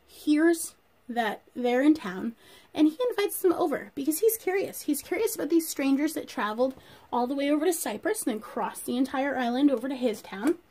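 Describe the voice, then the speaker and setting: A woman teacher telling a Bible story to children, with animated storytelling and rhetorical questions. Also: on the high side.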